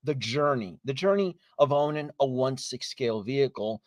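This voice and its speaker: A chatty man hosts a casual live stream, greeting viewers one by one and laughing easily. His voice sits at an ordinary middle pitch. The sound is dry and close, with no room around it. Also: expressive, normal speed, no echo. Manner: chatty, greets viewers by name, laughs often, trails off into restarts.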